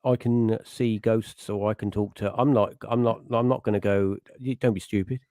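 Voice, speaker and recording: A man's voice: lowish voice, fairly even intonation, moderate pace, warm tone, dry recording. Man, middle-aged, podcast host, rambling chat, acts out quotes, dry close sound. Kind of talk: casual chat.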